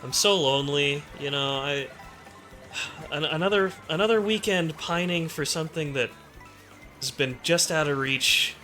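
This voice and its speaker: A man's voice: a little high, measured pace, sharp tone, soft background music. A man putting on the voice of a lonely blind date who sighs and hopes to find the one. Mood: wistful. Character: lonely, hopeful blind date longing for love.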